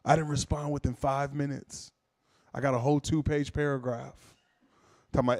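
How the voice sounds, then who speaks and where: A man's voice: medium pitch, moderate pace, no echo. A man doing a stand-up comedy set, telling stories casually and acting out voices. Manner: casual, animated storytelling with character voices.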